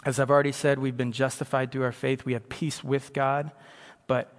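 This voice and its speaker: A man preaching a sermon in a conversational way, dropping to hushed tones and then rising to loud, emphatic passages. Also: medium pitch, little pitch movement, moderate pace, big-room sound. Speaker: pastor.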